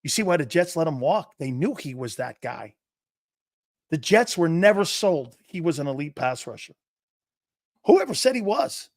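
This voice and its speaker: A brash man delivers a sports talk monologue in a fairly high voice, swearing freely and slipping into quoted exchanges as he tells the story. The sound is dry and close, with no room echo. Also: lively intonation, normal speed. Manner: brash, profane, acts out quoted conversations. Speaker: sports talk show host.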